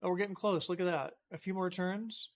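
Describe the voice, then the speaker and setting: A man with a slightly high voice streams a driving game and chats as he goes. He rambles to himself and to his viewers in a casual way. Loud noise sits behind his voice the whole time. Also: fairly even intonation, brisk. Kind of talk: casual live-stream commentary while playing.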